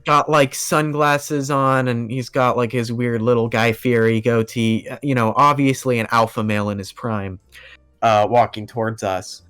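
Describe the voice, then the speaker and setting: A man's voice: medium pitch, steady tone, moderate pace, a bit bright, clear, resonant tone, faint music behind. Rambling young man telling a story. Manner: rambling, laughing, acts out quoted voices. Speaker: podcast guest. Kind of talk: casual storytelling chat.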